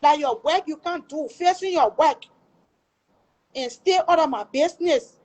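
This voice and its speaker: Middle-aged Liberian woman, high voice, emphatic and pleading, giving personal testimony. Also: a little slow, a little mellow, muffled recording. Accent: Liberian English. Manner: emphatic, pleading, swears before God. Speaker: livestream storyteller.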